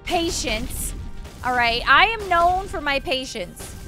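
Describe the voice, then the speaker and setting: A woman's voice: sits high, a little slow. A young woman giving playful let's play commentary as she games. She reacts with theatrical outbursts and mock grief. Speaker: gaming streamer. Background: game music and gunfire.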